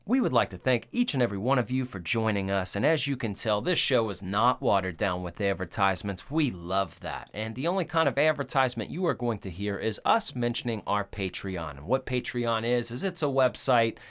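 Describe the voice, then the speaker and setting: A man hosting a horror movie podcast, telling the story in a rambling, profane, animated way. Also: lowish voice, a little fast, few pauses. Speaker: podcast host. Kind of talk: casual movie recap chat.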